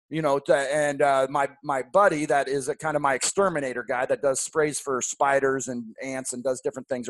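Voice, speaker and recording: A man in his forties hosting a podcast, telling a story in a candid, animated way. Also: a little high, no room sound. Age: 40s. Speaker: podcast host. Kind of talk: casual storytelling monologue.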